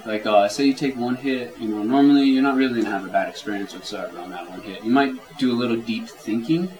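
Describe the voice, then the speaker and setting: A man speaking as an interview guest in a relaxed, rambling way, with many fillers. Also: medium pitch, quick pace, low-quality recording. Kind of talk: casual conversational interview. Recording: crowd chatter clearly audible behind.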